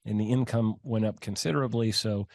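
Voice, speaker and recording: A middle-aged man, a home builder and interview guest, answering in a relaxed, rambling way with many fillers. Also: lowish voice, fairly quick, dry recording, clean studio sound.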